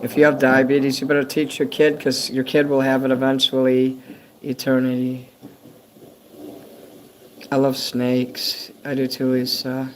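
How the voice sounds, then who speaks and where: An older man talks to his livestream chat in a loose, wandering way, sprinkling in curses as he goes. His pitch sits at an ordinary middle height but barely moves, so the talk comes out level and monotone. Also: a little slow, pauses often, a little hiss or hum. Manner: meandering, swears freely, reads and answers chat comments. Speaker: livestream host.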